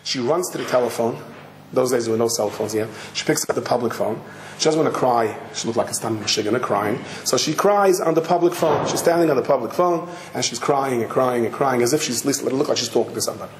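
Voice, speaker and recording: A rabbi telling a story in a sermon, animated and dramatic. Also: male voice, medium pitch, fast talker. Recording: echoey hall, faint noise.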